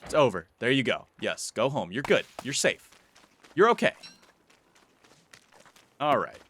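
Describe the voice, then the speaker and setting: A man's voice: medium pitch, big pitch swings, unhurried, a bit bright, a little hiss or hum. A man giving casual, playful gameplay commentary as a YouTuber, teasing and chatting to the creatures in his game. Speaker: gaming YouTuber.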